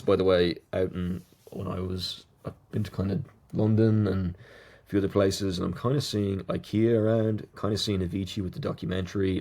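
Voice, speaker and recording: A man with a low, gravelly voice hosts a solo podcast. He reads through his list item by item and stumbles over unfamiliar words, adding small asides as he goes. His tone is dark and mellow. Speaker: podcast host. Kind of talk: solo podcast reading notes aloud.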